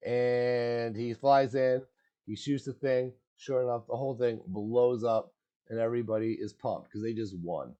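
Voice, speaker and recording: A man's voice: mid-range voice, fairly even intonation, a little slow, warm tone, highs cut off. A man giving a casual, slangy movie recap in a laid-back way, full of filler words.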